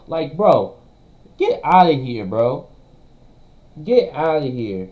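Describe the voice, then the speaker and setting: A young man streaming himself reacting to a video, talking casually and ranting loudly with lots of slang and swearing. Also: a little high, very animated, a little slow, rough recording. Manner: loud profane ranting, slangy.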